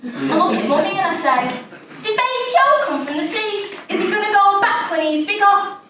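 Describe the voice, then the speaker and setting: A woman's voice: very high-pitched, expressive, normal speed. A woman performing a dramatic monologue as an innocent, rambling little schoolgirl. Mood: innocent chatter. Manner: innocent, rambling, matter-of-fact. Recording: echoey room, distant mic, noisy.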